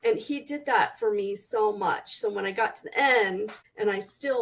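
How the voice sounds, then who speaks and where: A woman's voice: medium pitch, vocal fry, poor audio. A woman from Texas, a guest author chatting casually and animatedly in a podcast interview. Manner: chatty and animated, quick restarts.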